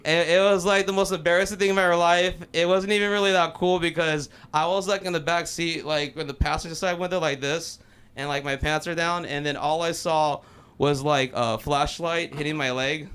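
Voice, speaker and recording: A man's voice: on the high side, fairly even intonation, normal speed, fairly bright tone, smooth. A young man from Los Angeles doing a loose, rambling, profane open mic stand-up set in a small comedy club.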